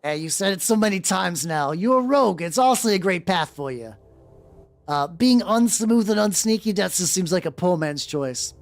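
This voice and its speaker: A streamer playing a video game, reacting aloud with swearing and reading the game's text out loud. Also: medium pitch, lively intonation, moderate pace. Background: faint background music.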